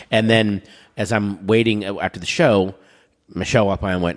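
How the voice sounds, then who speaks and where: A middle-aged man chatting casually, telling stories and acting out quotes, with a dry voice and frequent throat-clearing. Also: sits low, normal speed, long reverb tail. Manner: animated storyteller, acts out quotes. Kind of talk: casual chat.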